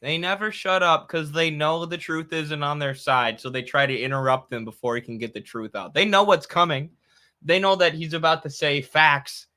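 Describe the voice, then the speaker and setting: A man's voice: medium pitch, bright, forceful tone. A man giving heated, profane reaction commentary on a debate clip, ranting angrily.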